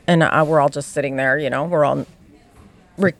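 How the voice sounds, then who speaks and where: A woman's voice: deep voice, steady tone, moderate pace, creaky, no room sound. A middle-aged woman, a podcast guest, frankly telling her story and acting out the dialogue she quotes. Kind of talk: candid personal storytelling.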